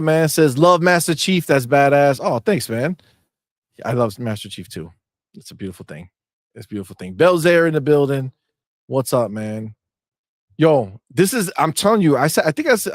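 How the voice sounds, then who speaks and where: A man with a lively, rather high voice co-hosts a casual gaming stream. He talks in slang, swings his pitch widely and mocks rival fans. The sound is dry and close. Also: moderate pace, no echo. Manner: animated, slangy, mocking, reads chat aloud. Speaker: podcast co-host.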